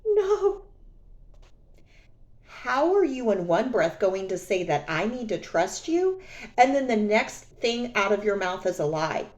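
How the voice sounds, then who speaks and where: A young adult woman telling a personal story in a casual vlog, sassy and animated, often mocking others. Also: mid-range voice, a little slow, muffled recording. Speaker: vlogger.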